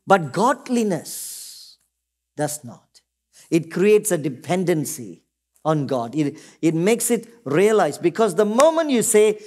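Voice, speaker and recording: A man's voice: on the high side, sing-song, unhurried, darkish tone. A middle-aged man from Singapore, preaching a sermon to his congregation. He keeps calling out "Amen?" and drops into short quoted voices as he teaches. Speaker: pastor.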